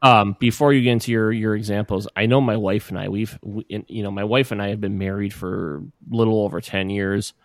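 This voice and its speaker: A man's voice: lowish voice, fairly even intonation, brisk, hardly any pauses, no room sound, clean studio sound. A man in his thirties co-hosting a podcast, rambling in casual chat with lots of fillers. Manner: rambling, many fillers and restarts. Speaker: podcast co-host.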